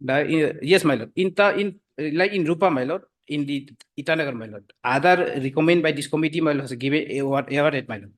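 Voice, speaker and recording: Man, courtroom advocate, hesitant and filler-heavy, slightly high pitch. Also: fast, few pauses. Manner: hesitant, full of fillers, repeats "my lord" constantly. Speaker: advocate for the government. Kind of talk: courtroom argument.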